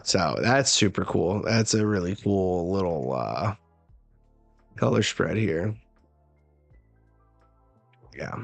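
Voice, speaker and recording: A man hosting a live manga chapter reaction, who talks in an unhurried, hesitant way with many filler words. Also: on the low side, gravelly, dry recording.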